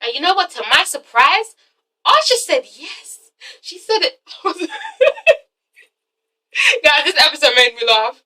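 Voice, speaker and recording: A woman's voice: high-pitched, a little slow, pauses often, far from the mic. A woman giving a casual, profane, laughing recap of a TV episode. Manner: animated, profane, laughing often. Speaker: TV show reviewer.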